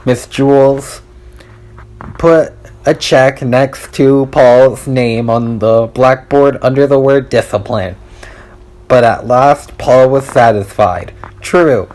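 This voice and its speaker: A male narrator reads a children's storybook, taking his time over every sentence. His pitch sits in the middle of the range, and the telling stays deliberate and measured. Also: darkish tone. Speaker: audiobook reader.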